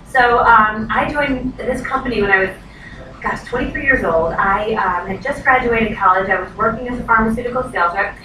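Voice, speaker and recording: A woman's voice: fairly high pitch, a little fast. Chatty woman in an echoey room. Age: 30s. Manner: chatty, acts out quoted voices, says "like" often. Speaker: direct sales consultant. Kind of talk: casual training talk. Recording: echoey, noisy room from far off.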